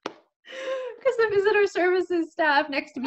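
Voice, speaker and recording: Woman guest telling a story, bit high, voice swings all over, acts out the people she quotes. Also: normal speed, lo-fi sound, noisy background. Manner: lively, acts out quoted people, frequent "like" fillers. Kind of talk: animated storytelling in a chat.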